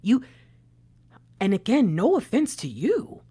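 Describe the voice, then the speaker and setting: Lively woman giving spiritual talk. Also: on the high side, takes it slowly, breathy edge. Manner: animated, swings from soft whispers to loud outbursts; chatty, frequent fillers and asides. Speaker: spiritual channel host. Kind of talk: casual spiritual talk to viewers.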